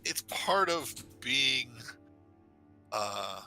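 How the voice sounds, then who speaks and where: A man's voice: mid-range voice, animated, very slow, over music, poor audio. A man running a tabletop game as game master, rambling and hesitant, reading rules aloud as he goes. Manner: rambling, hesitant, looks up rules mid-sentence.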